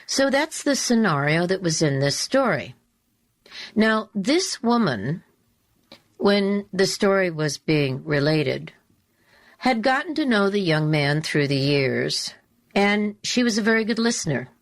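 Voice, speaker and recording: A woman talk show host telling a story in a slow, deliberate, emphatic way, repeating her key phrases. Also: medium pitch, very animated. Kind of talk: storytelling monologue.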